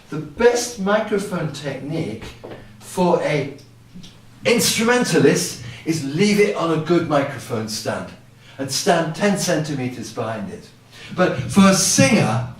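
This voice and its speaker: A man presenting a seminar to a live audience, speaking into a microphone through loudspeakers. He has a naturally quiet voice and acts out his anecdotes with sound effects. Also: on the high side. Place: large hall with loudspeakers. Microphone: microphone at ten centimeters, through a PA. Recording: very echoey hall, distant from the camera.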